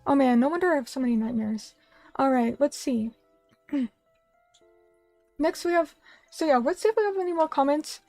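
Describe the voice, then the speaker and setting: A woman's voice: sits high, lively intonation, normal speed, pauses often, darkish tone, no echo, faint music behind. A young woman streaming, chatting casually with viewers and reading their comments in a rambling, self-deprecating way. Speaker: vtuber streamer. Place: small room at a little table.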